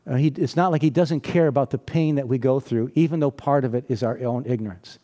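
A man's voice: mid-range voice, a little fast, warm tone. A man preaching a sermon in a conversational, storytelling way, often asking rhetorical questions and laughing.

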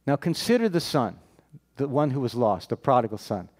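A man's voice: mid-range voice, very animated, a little fast, darkish tone. A man preaching a sermon, telling a Bible story, acting out the characters' lines and putting questions to his listeners.

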